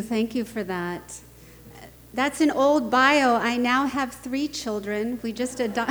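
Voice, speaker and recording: A middle-aged woman speaking at a conference, telling anecdotes and jokes in an animated way and laughing often. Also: a little high, in a large hall, slight background noise. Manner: animated storytelling, laughs often, acts out quoted voices.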